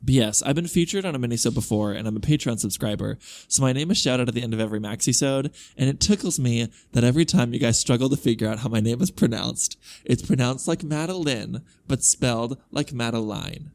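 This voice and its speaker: A man's voice: mid-range voice, quick pace, few pauses, a little mellow. A man co-hosting a podcast, reading listener emails aloud and reacting with casual, wry asides. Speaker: podcast co-host.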